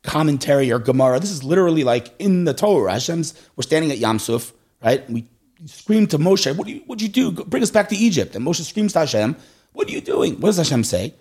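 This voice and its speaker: A middle-aged man tells stories fast in a relaxed, conversational way. His voice is a little husky, and his pitch swings widely as he acts out the people in them.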